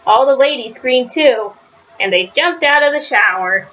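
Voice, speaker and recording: Bright-voiced woman reading a storybook aloud. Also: a little slow, lo-fi sound. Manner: lively read-aloud, rises high for quoted shouts. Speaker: storybook reader. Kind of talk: children's read-aloud.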